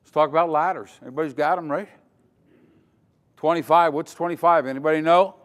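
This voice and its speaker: A man's voice: fairly high pitch, steady tone, fairly quick, clear, resonant tone. An older man giving a dramatic safety lecture at a conference, quizzing the audience as he goes. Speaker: safety trainer. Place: conference hall. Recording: long hall reverb.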